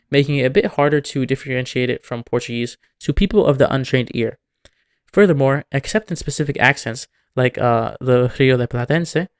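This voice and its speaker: A man narrating a scripted educational video, explaining points methodically and working example words into his explanations. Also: medium pitch. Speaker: language video host.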